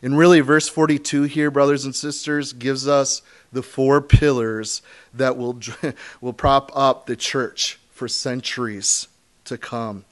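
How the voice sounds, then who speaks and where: A man's voice: mid-range voice, slow pace. Conversational male pastor preaching. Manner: conversational, animated preaching with laughs and asides. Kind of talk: sermon.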